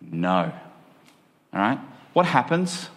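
A man's voice: fairly low pitch, very animated, slow pace, gravelly, a bit bright. An Australian man preaching a sermon in a conversational way, full of rhetorical questions and acted-out examples.

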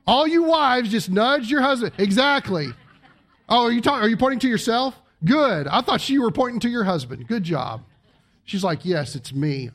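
A man with a fairly high voice preaching to a congregation in church. He talks in a casual, joking way and swings between loud, emphatic points and soft, low asides. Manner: animated, with big swings in pitch and volume. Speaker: pastor. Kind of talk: sermon. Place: church service before a congregation.

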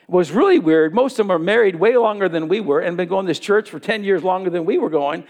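A male preacher delivers a sermon in a high voice with a gravelly, creaky edge. He tells his story conversationally and slips into acted-out dialogue along the way. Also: quick pace, darkish tone.

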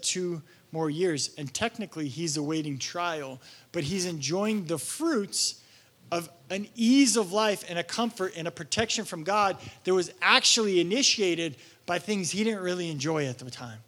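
Animated high-voiced male pastor preaching. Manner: animated storytelling, acts out his own exasperation. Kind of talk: sermon.

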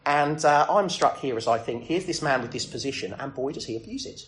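A man's voice: medium pitch, lively intonation, brisk, a bit bright. A man preaching a sermon in a conversational way, full of rhetorical questions and self-deprecating asides.

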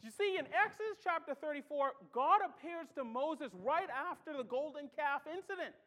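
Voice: sits high, normal speed, a bit bright. A preacher delivering a sermon with impassioned energy and emphatic rhetorical questions. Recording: long hall reverb.

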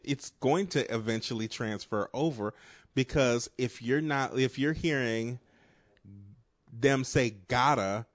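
A man's voice: medium pitch, no echo. A man co-hosting a podcast, telling rambling stories in casual chat, full of fillers and swearing. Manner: profane, rambling storyteller with frequent fillers. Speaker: podcast co-host.

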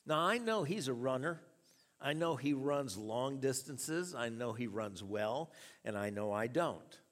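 A man preaching a sermon, telling a story with chuckles and an animated delivery. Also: mid-range voice, measured pace. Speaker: pastor. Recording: reverberant hall.

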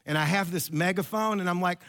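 Man in his fifties, pastor, sermon, chatty joking storyteller, high bright voice. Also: brisk.

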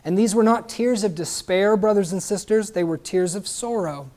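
A man's voice: high voice, normal speed, mellow. Emphatic male preacher. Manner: emphatic, with rhetorical questions and asides to the congregation. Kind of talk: sermon.

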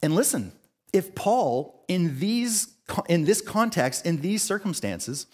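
Pastor preaching with casual emphatic repetition. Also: male voice, fairly high pitch, expressive, takes it slowly, darkish tone. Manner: casual asides with slang and brief laughs. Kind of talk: sermon.

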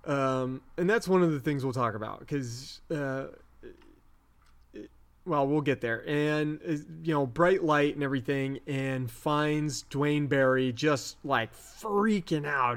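A man's voice: mid-range voice, takes it slowly, a bit bright, clear, resonant tone. A young man co-hosting a podcast, recapping an episode in a rambling, unsure way with many fillers. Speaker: podcast co-host.

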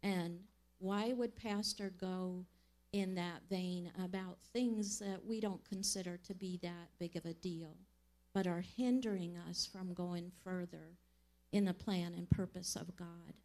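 A woman's voice: on the low side, fairly even intonation, darkish tone. A woman church member speaking an earnest prophetic exhortation during a church service. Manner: slow and earnest. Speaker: church member sharing a word.

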